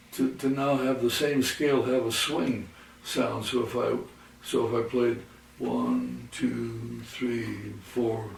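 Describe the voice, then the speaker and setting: Gravelly man teaching guitar. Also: medium pitch, far from the mic. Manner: halting, restarts often, counts beats aloud. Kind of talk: lesson with demonstrations. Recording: roomy, from off the mic, faint noise.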